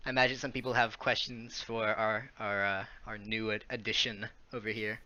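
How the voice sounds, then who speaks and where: A man's voice: on the low side, level tone, normal speed, bright, forceful tone. A man hosting a casual online chat show, laughing often and steering the conversation. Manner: laughs often, leads the segment. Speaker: podcast host. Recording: dull lo-fi sound.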